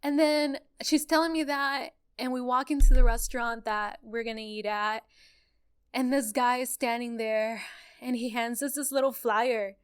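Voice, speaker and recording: A woman chats on a podcast, her voice pitched a little high and very smooth and clear. She tells stories in an animated way, acting out what people said and laughing often. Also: moderate pace. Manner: animated storyteller, acts out quotes, laughs often. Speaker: podcast co-host. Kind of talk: casual podcast chat.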